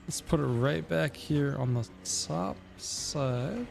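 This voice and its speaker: A man's voice: mid-range voice, measured pace, vocal fry, hardly any pauses, music in the background. A man from North Carolina with a slight Southern accent, chatting casually with viewers while narrating his gameplay on a livestream. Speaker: gaming streamer.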